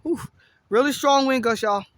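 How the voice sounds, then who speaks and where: High-voiced excitable man outdoors. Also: moderate pace. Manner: excitable, rambling, repeats phrases, says y'all often. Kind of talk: casual outdoor weather vlog. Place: outdoors in strong wind.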